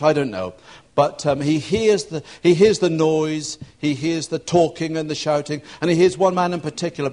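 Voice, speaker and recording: In his sermon, a preacher narrates a story with a voice pitched fairly high for a man. When the scene calls for shouting, he acts it out and pushes his voice higher still.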